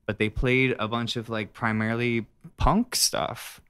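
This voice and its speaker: Jokey male interviewer, smooth voice. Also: mid-range voice, little pitch movement, a little slow, fairly bright tone, no room sound. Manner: jokey, teasing, self-deprecating. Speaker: interviewer, host. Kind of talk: casual interview chat. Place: studio.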